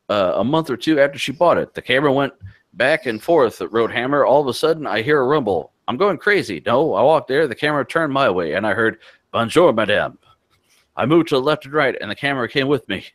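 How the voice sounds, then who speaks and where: Man, podcast co-host, reads news aloud, animated pitch, dry close sound. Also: no room sound. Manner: reads news items aloud with asides and jokes. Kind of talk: casual tech podcast chat, reading articles aloud.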